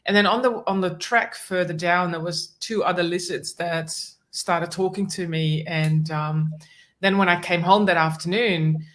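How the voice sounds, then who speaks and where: A woman's voice: lowish voice, moderate pace. A woman guest on a conversational interview, telling a personal story and acting out the dialogue in it. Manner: animated, acts out quoted dialogue, warm laughs. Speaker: guest, animal communicator.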